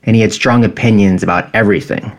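A man in his thirties reading his own personal essay in a quiet, measured, reflective way. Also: lowish voice.

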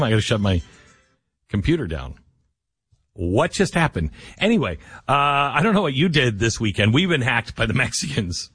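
A man's voice: fairly low pitch, husky. A man hosting a casual, sarcastic commentary monologue, rambling with restarts while at his computer. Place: dry room at his computer.

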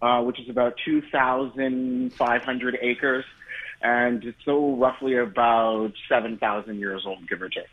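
A man's voice: mid-range voice, steady tone, a little slow, husky, phone-quality sound. A man calling into a radio show by phone, explaining a fact steadily. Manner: explains facts steadily, with fillers. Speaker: caller. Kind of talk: phone-in chat.

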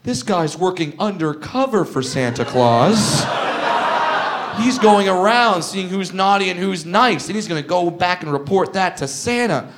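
A man's voice: high voice, lively intonation, a little slow, a bit bright, exaggerated voice. A male comedian voicing a smug dad who talks down to his son in a coaxing, patronizing way, recorded live with noise in the background. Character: smug dad playing along, middle-aged man.

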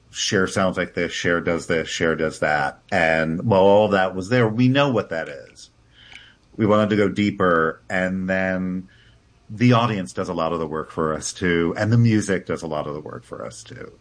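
Deep-voiced man chatting, quick laughs. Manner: chatty, laughs often, many restarts. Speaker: theater director. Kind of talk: interview answers.

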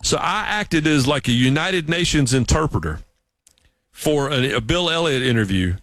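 A man from South Carolina with a Southern accent, hosting a radio sports show and telling stories in a lively, animated way. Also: a little high, moderate pace, dry recording. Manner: animated storyteller, mimics voices. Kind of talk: casual radio chat and storytelling. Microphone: studio mic.

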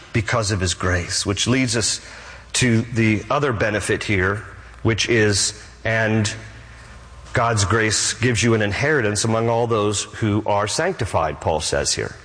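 A male pastor preaching a sermon, emphatic, with repeated phrases rising to sharp peaks. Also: fairly low pitch, lively intonation, measured pace. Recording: long reverb of a large hall.

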